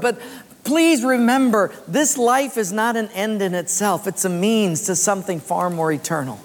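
A pastor delivers a sermon in a large auditorium, shifting into conversational, animated storytelling. The voice carries a long reverb that trails through the hall, and the pitch sits in a middle register. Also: moderate pace.

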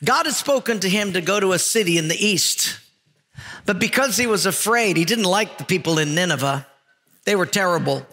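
A middle-aged male pastor preaching a folksy, animated sermon, telling funny stories and acting out their voices. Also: high-pitched, normal speed. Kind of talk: sermon with storytelling. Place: church hall. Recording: long reverb of a large hall, music faint behind.

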